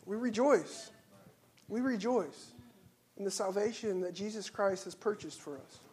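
Pastor, man, higher voice, fervent sermon delivery with hushed and loud swings. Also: lively intonation, a little slow, slight background noise. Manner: passionate preaching, swings from hushed to loud exclamations. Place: church sanctuary.

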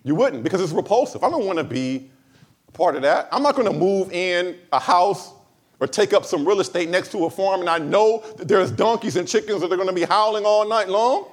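A man preaching a sermon to his congregation, emphatic, moving between loud stressed phrases and low, quiet asides. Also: brisk. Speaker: pastor.

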